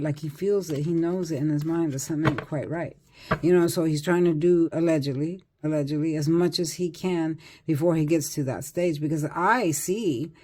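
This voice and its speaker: A woman's voice: low-pitched, warm tone, a little hiss or hum. An older woman giving a casual, chatty psychic tarot reading, repeating herself and laughing often. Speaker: tarot reader.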